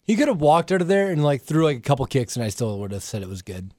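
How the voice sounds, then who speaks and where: Young dude rambling, voice jumps around a lot, kinda high, dry mic. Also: male voice, sing-song, fast, dark tone, dry recording. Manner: rambling, lots of likes and restarts. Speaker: podcast co-host. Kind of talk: casual chat.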